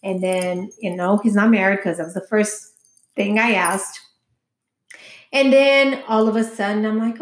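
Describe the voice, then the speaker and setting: A woman's voice: mid-range voice, fairly even intonation, a little slow. Frank, foul-mouthed woman telling stories. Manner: candid, profane storytelling with quoted dialogue. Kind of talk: casual chat. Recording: echoey room.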